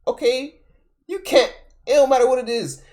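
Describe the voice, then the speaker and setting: A man's voice: very high voice, normal speed. A man streaming live and reacting to a clip in casual, profane commentary, exasperated and repeating himself. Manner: exasperated, repetitive, profane, swings loud and soft.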